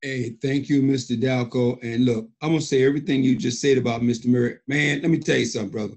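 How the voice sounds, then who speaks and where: A middle-aged man on a conference call, emphatic and animated, often repeating himself. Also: mid-range voice, fast. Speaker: senior partner and mentor. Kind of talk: excited conference-call praise.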